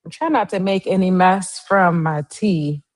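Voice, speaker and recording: A young adult woman hosting a casual live stream, chatting directly to her viewers in a lively way. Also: a little slow. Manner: lively, swings up high in pitch.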